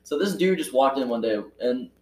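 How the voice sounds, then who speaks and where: Man telling a lively story in an echoey room. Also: mid-range voice, moderate pace. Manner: animated retelling, acting out quoted voices. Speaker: retail store worker. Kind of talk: casual storytelling chat. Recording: echoey room, voice from far off the mic.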